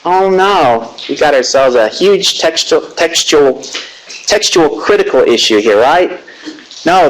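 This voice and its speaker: A man giving a classroom lecture, animated, asking rhetorical questions and reading scripture aloud slowly. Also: medium pitch, rough recording.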